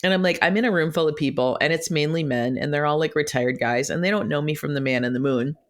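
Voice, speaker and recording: A woman's voice: low-pitched, fast talker. A middle-aged woman tells a personal story on her podcast, chatty and open, often laughing and getting choked up. She acts out her own remembered words as she goes. She is recorded in an office. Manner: chatty, emotional, laughs often, quotes herself. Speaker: podcast host.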